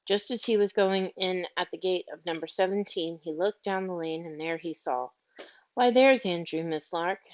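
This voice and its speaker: A woman narrating a children's story aloud in a gentle, measured reading. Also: lowish voice, steady tone. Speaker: audiobook reader. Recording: dull lo-fi audio.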